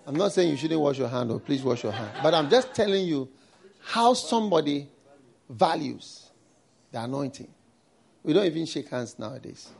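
A man's voice: a little high, big pitch swings, normal speed, vocal fry, darkish tone, slightly rough. A man preaching a sermon in a studio, emphatic, repeating words and firing rhetorical questions at his listeners.

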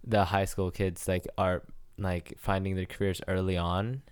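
A man's voice: sits low, level tone, unhurried, clean tone. A teenage guy co-hosting a podcast, joking around in a laid-back way. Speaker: podcast co-host. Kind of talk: casual podcast chat.

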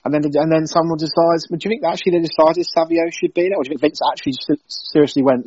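A man talks on a podcast, stammering through restarts in an exasperated tone. His voice is slightly husky. The sound is dry and muffled. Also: on the high side, steady tone, quick pace, few pauses, a little mellow, no room sound. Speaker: podcast co-host. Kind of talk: casual wrestling review chat.

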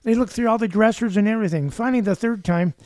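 High-voiced man in his seventies, mellow. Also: quick pace, no room sound. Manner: rambling anecdotes with dry humor. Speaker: guest, former backcountry ranger. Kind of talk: casual storytelling.

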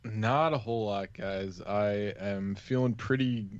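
A man's voice: fairly low pitch, unhurried, dry recording, muffled recording. A tired man co-hosting a podcast, easygoing and laid-back in casual chat. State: tired, low on energy. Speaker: podcast co-host.

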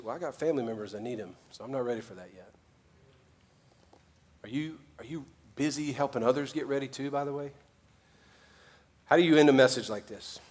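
A male pastor preaching a sermon, animated, with sudden drops to quiet and jokey asides in put-on voices. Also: a little high.

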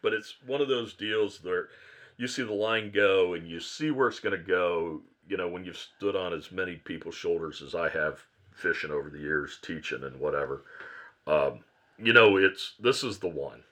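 Podcast guest, male, low voice with a bright edge, rambling storyteller. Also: moderate pace. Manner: rambling storyteller, self-correcting. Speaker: guest, fly shop owner.

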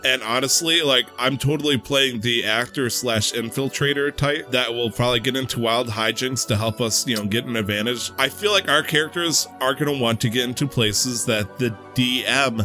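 A man joking and teasing in a loose, loud way on a casual podcast. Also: medium pitch, normal speed, few pauses, soft background music.

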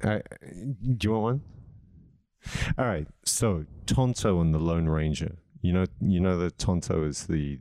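A man's voice: low-pitched, warm tone, no room sound. A man co-hosting a casual comedy podcast, a playful joke-teller who eggs the others on.

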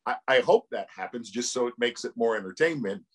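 Middle-aged male guest, lively anecdote teller, average pitch. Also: brisk, slightly rough. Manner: animated, laughing storyteller. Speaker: tournament commentator, guest. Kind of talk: casual interview storytelling.

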